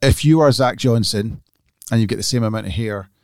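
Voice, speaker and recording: A man co-hosting a golf podcast, talking casually and excitedly, restarting and repeating words as he goes. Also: fairly low pitch, a little fast, dry recording. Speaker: podcast co-host.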